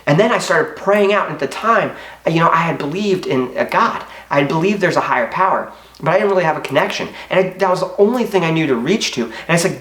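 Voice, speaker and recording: A man's voice: fairly high pitch, animated, a little fast, a bit bright, roomy sound. A man in his twenties telling a painful personal story in an earnest, emotional, confessional way, with hesitations. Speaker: motivational speaker. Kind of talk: personal story told to camera.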